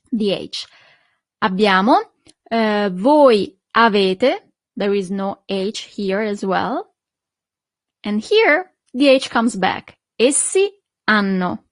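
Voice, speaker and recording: A woman teaching a lesson at a deliberate, unhurried pace, with a voice a little higher than most. She stretches out example words clearly so learners can repeat after her. The sound is dry and close, with no room around it. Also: no echo. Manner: slow, drawn-out model pronunciations for repeating. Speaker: Italian teacher. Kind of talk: online language lesson.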